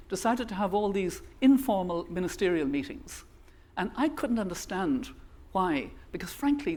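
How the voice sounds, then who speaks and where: A woman's voice: medium pitch, a little mellow. Older Irish woman giving a keynote. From Ireland. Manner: measured, earnest, with small restarts. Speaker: keynote speaker. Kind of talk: conference keynote speech.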